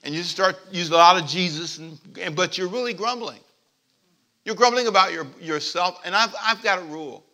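A male pastor preaching a sermon in church, swinging from loud emphatic points to quiet asides and calling on the congregation to repeat after him. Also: high-pitched, fairly quick. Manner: lively preaching with call-and-response to the congregation.

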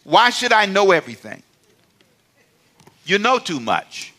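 A man's voice: sits high, big pitch swings, measured pace, bright, forceful tone. A middle-aged man, a pastor, preaching a sermon in a playful, conversational way and calling on the congregation to respond.

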